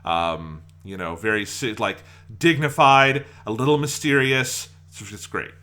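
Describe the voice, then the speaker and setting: A man's voice: fairly low pitch, lively intonation, unhurried, sharp tone. A man co-hosting a podcast, chatting casually and enthusiastically, rambling a bit and laughing often. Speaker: podcast co-host. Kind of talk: casual chat.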